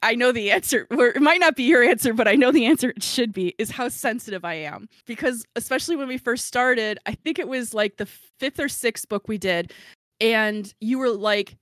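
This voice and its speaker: A woman's voice: a little high, brisk, a bit bright, no echo, clean studio sound. Rambling, giggly woman podcast host. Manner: rambling, self-deprecating, giggly. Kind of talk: casual chat.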